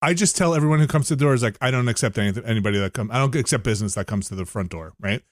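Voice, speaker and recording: A man quoting a calm, unfazed wife. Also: mid-range voice, very fast, no room sound, studio quality, voice pushed down, lightly acted. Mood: unbothered. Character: calm unbothered wife, a woman.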